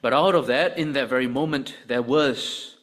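A man preaching a sermon, addressing his listeners directly with an animated delivery. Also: moderate pace. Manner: animated preaching, rising and dropping in pitch and volume.

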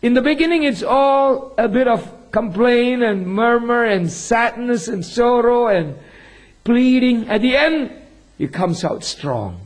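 A man's voice: very high-pitched, expressive, takes it slowly, faint music behind, poor audio. A male pastor preaching a sermon, reading scripture aloud and asking the congregation questions.

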